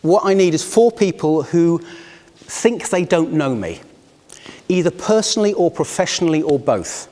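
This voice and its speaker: Male facilitator, fairly high voice, reflective and inviting, recorded in an echoey conference room. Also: expressive, moderate pace, mellow. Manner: reflective, inviting, personal storytelling. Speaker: workshop facilitator. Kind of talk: live workshop talk to a group. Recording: long hall reverb.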